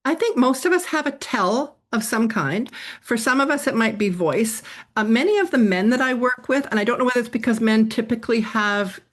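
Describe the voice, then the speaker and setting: A woman's voice: on the high side, a little fast. A middle-aged woman answering interview questions on workplace stress, telling stories and acting out quoted lines. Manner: animated storyteller, acts out quotes. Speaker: guest expert on workplace stress.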